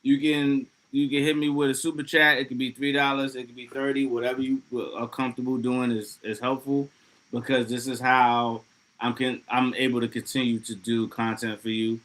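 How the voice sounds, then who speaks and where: A man hosting a casual livestream, talking loosely and excitably with plenty of profanity as he reads out chat messages. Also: mid-range voice, moderate pace, poor audio. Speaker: livestream host.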